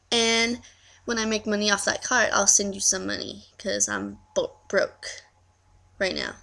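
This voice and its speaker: A woman's voice: mid-range voice, steady tone, a little slow, creaky, pushed and bright. A teenage girl with a lisp, rambling in a casual birthday video message and poking fun at herself. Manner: rambling, self-deprecating, giggly. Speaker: vlogger.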